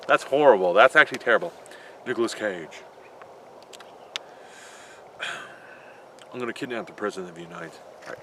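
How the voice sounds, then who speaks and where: A man's voice: mid-range voice, very animated, moderate pace, long pauses, sharp tone, slight background noise. A man casually answering viewer questions outdoors, rambling and joking with frequent swearing. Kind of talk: casual Q&A vlog. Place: outdoors in a built-up area.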